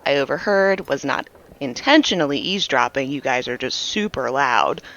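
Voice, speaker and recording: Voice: medium pitch, expressive, normal speed, vocal fry, fairly bright tone. A player in a tabletop game, talking in a joking, chatty way, partly in character. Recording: dull lo-fi mic with faint hiss.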